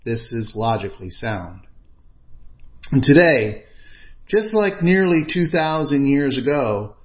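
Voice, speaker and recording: An earnest male preacher giving a sermon at a measured pace, leaning hard on key words. His voice sits in a middle range. The recording sounds a little dull and lo-fi. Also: mid-range voice.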